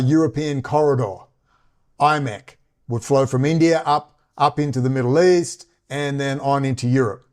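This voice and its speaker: A man ranting in casual commentary, sarcastic and mocking, often jumping into high exasperated tones. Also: a little mellow. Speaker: vlogger.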